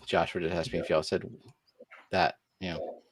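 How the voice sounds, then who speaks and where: Livestream host, male, very low voice, dry sound, offhand and profane. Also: little pitch movement, moderate pace, no room sound. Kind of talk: casual livestream chat.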